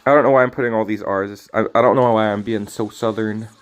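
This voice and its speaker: A man streaming a card game, chatting casually with his viewers, teasing them and breaking into loud, sudden reactions. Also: fairly low pitch, fairly even intonation, quick pace, muffled recording. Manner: casual, teasing banter with chat. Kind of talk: live game stream commentary.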